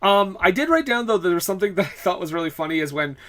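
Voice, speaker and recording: A man's voice: high voice, expressive, rapid-fire, fairly bright tone. A man co-hosting a podcast, recapping film scenes in casual chat, laughing often and using lots of fillers. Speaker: podcast co-host. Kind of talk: casual movie-review chat.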